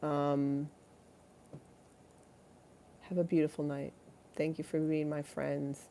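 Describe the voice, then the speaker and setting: A woman's voice: low-pitched, level tone, slow pace, dark tone. A woman hosting a casual livestream, rambling and giggly as she reads out names from the chat. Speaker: livestream host.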